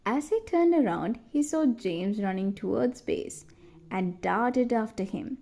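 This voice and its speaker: A young woman from Sri Lanka with a Sri Lankan English accent, gently narrating a children's audiobook. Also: a little high, lively intonation, measured pace, gravelly. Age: young adult.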